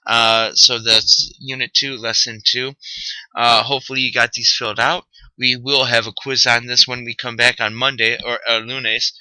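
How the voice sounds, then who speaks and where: A man's voice: mid-range voice, level tone, moderate pace, pushed and bright, clean tone, dry recording, poor audio. A man teaching a recorded vocabulary lesson, upbeat and joking, checking in with "okay?" often. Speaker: Spanish teacher.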